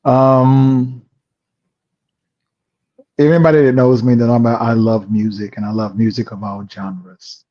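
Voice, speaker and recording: A man's voice: medium pitch, level tone, unhurried, pauses often, muffled recording. A man co-hosting a podcast, giving an earnest, sermon-like closing reflection. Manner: earnest, affirming, sermon-like wrap-up. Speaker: podcast co-host. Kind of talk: casual podcast talk.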